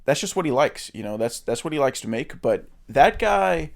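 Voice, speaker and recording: This podcast co-host has a gravelly, mid-range voice with a sing-song lilt, talking at a normal speed. He chats loosely about films, holds strong opinions, swears occasionally, and leans heavily on fillers.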